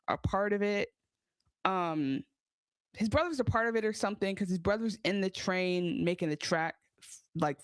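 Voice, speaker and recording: A woman co-hosting a podcast, recapping a TV episode in casual chat. She talks in an animated way, swears, and acts out her own reactions. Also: fairly low pitch, no room sound. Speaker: podcast co-host.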